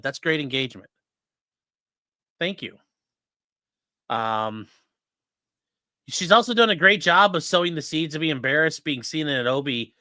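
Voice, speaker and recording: A man's voice: on the high side, sing-song, moderate pace, pauses often, sharp tone, dry recording, clean studio sound. A man giving casual, profane live-stream commentary on a trial as a defense attorney, chatting with his viewers. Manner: profane, chatty, talks to chat and his dog.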